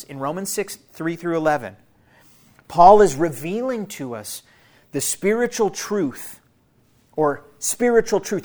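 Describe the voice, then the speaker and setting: Male pastor, sermon, earnest teaching tone, repeats key phrases, speaks to the congregation as family. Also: fairly high pitch. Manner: addresses listeners directly as church and family.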